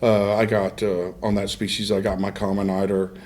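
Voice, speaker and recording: Low-voiced man telling rambling hunting stories. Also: little pitch movement, moderate pace, a little mellow. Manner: rambling, self-interrupting storyteller who laughs through his own stories. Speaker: guest, duck hunter. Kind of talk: casual storytelling in a podcast interview.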